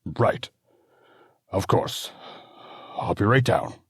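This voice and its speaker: A man's voice: lowish voice, lively intonation, very slow, husky, no echo, clean studio sound, voice pushed up, exaggerated voice. A man playing a nervous young husband and father who stammers and hesitates. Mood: flustered, stammering. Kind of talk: audiobook character voice.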